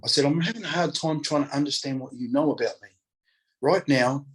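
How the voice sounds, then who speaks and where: A man's voice: fairly high pitch, a little fast, breathy edge, rough recording. A man speaking as a guest, telling his personal story candidly and acting out the people in it. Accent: New Zealand. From New Zealand. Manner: animated, acts out quoted voices, laughs often.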